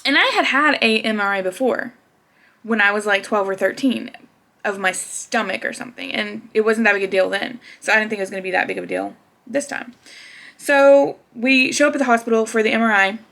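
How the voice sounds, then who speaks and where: A woman's voice: medium pitch, brisk, gravelly, a bit bright. A young woman casually telling a personal story to camera, chatty, with frequent laughs and fillers. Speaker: vlogger.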